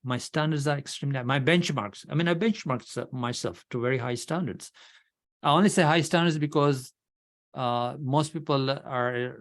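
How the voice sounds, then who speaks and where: At an online club meeting, a man gives new members an orientation, speaking bluntly and directly and often restarting his sentences. His pitch is medium and his pace is normal.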